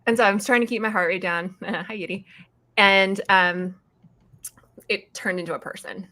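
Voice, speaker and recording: A woman's voice: mid-range voice, moderate pace. A woman guest on a casual talk show, telling a story expressively and acting out what she and others said. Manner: expressive storyteller who acts out her own quotes. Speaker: psychic guest. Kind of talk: casual chat.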